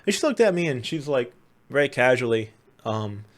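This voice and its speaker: A man's voice: mid-range voice, sing-song, normal speed. Earnest man telling a story. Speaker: host. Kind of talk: casual storytelling to camera.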